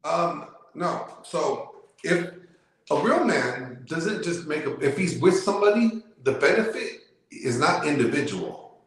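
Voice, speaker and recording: A man's voice: a little high, big pitch swings, unhurried, fairly bright tone. A man in casual debate as a show guest, talking emphatically and repeating himself as he lays out his point. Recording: very echoey room.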